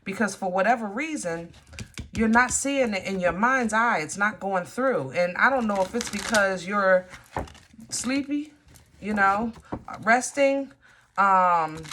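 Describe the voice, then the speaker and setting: A woman giving a tarot reading straight to her viewers, animated and blunt, cursing when frustrated. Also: mid-range voice, slight background noise. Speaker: tarot reader.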